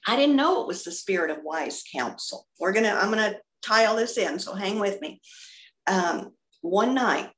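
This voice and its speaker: A middle-aged woman giving a personal testimony over a video call, an animated storyteller who acts out the dialogue. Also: medium pitch, echoey room. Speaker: ministry speaker giving testimony. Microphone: video call computer mic.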